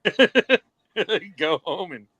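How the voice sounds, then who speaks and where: A man chatting casually, telling an anecdote in a relaxed, hesitant way. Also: high voice, drawn-out words, low-quality recording. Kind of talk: casual chat.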